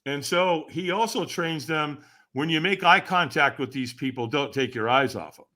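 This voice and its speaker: A man guesting on a podcast, telling a story with animated energy and acting out the dialogue. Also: on the high side, moderate pace. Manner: acts out quoted dialogue, emphatic and lively.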